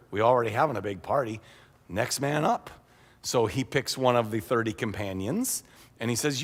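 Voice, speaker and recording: A man preaching a sermon as pastor, retelling a story in a humorous, conversational way. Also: medium pitch. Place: church sanctuary. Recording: echoey church hall.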